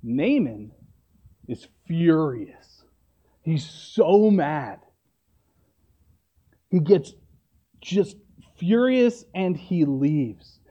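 A man's voice: on the high side, very animated, very slow, long pauses, warm tone, slightly rough. A man preaching a sermon, retelling a story in a conversational way and often checking in with "right?".

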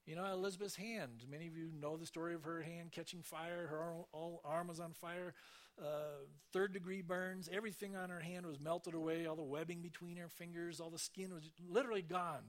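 A man speaks from a church stage, telling his stories in a casual, conversational flow. His voice sits a little high for a man. He acts out the voices he quotes with lively swings. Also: normal speed. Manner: conversational, animated storytelling with acted quotes. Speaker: church speaker giving testimony. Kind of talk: sermon testimony storytelling.

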